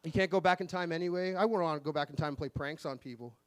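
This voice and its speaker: A man in his forties doing an open-mic stand-up set, delivering deadpan one-liners with sudden pitch jumps on the punchlines. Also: fast. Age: 40s. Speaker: stand-up comedian. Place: live comedy venue.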